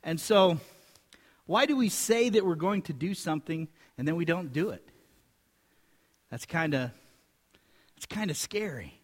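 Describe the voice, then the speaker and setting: A man with a notably high voice preaches in a church sanctuary, and his words ring out with a long reverb tail. He keeps the sermon conversational, tossing joking asides to the congregation between points. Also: lively intonation, measured pace, pauses often. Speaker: pastor.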